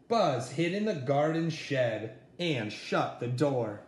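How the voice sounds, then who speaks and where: A man with a mid-range voice reads a children's picture book aloud as a storyteller, taking it slowly and expressively. The sound is roomy.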